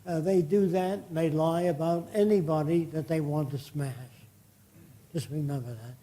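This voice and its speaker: Older male lecturer, outspoken and cursing, warm dark voice. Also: fairly high pitch, steady tone, normal speed. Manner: blunt, indignant, cursing. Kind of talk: public lecture with Q&A.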